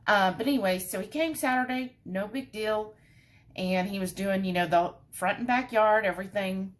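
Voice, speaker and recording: Woman, chatty vlogger, animated storytelling with lots of asides. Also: mid-range voice, moderate pace. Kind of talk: casual storytelling.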